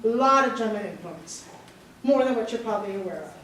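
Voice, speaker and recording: A woman giving a history lecture to a class, lively, often quizzing the students and laughing. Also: on the high side, a little fast, a little hiss or hum. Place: lecture room. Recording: echoey room from a distance.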